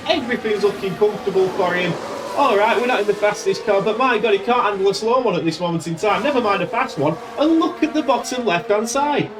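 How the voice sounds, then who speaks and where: In this let's-play clip, a gaming video host narrates a race in his racing management game, sounding casual and exasperated. His voice is high-pitched. The background is noisy, with game music behind a distant mic.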